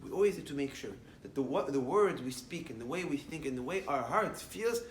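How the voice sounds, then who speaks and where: A rabbi preaching a morning talk, a man with a fairly high voice who tells a story and builds to strong, emphatic lines. He sits back from the mic in an echoey room, and a faint hiss hangs under his words. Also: animated, a little fast, few pauses, distant mic. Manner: mixes Hebrew terms into English, storytelling, rising to emphatic declarations. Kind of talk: short morning sermon with a story.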